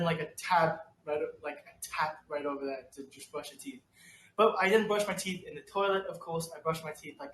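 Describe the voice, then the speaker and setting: Young guy with a pretty high voice, easygoing chat, sounds far from the mic in an echoey room. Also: a bit bright, slight background noise. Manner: easygoing, trails off and restarts. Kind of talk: casual chat.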